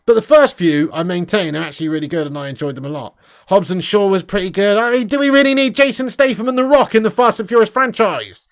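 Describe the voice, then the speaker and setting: A young man hosting a casual livestream, reading super chats, loud and sweary with lots of banter. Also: high-pitched, lively intonation, quick pace. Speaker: livestream host.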